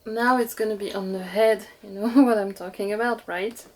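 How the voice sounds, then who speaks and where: A woman's voice: mid-range voice, steady tone, moderate pace, background noise. A young woman with a French accent, chatting casually and gushing as she unboxes dolls for her viewers. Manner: gushing, giggly, talks to viewers. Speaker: doll collector vlogger.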